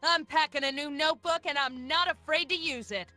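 An actress playing a tough, wry young female private detective in a noir adventure game, speaking in a flat, hard-boiled way. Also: sits high, fairly quick, soft background music.

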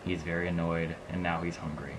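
A man from the American South giving excitable let's-play commentary, swinging between low mumbles and loud laughing outbursts. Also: brisk, background noise. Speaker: gaming channel host.

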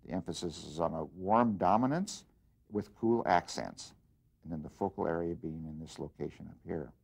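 Guy teaching art class while he works, kinda low voice, lots of uh and restarts. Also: gravelly, a little mellow, husky. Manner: unhurried, explanatory, with frequent fillers and restarts. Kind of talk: demonstration lesson.

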